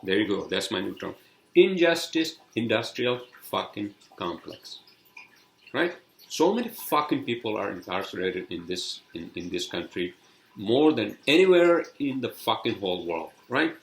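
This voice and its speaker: Casting note: deep-voiced man, profane, rambling podcast host mid-rant. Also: very animated, moderate pace, vocal fry, roomy sound.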